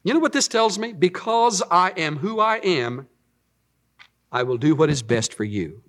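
Animated preaching man, lively pitch. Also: measured pace. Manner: animated preaching, rising loud on emphasis. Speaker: pastor. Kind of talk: sermon.

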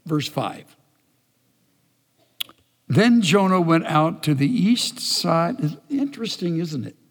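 Slow, emphatic male preacher. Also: fairly high pitch, lively intonation. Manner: emphatic, storytelling. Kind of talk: sermon. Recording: long hall reverb.

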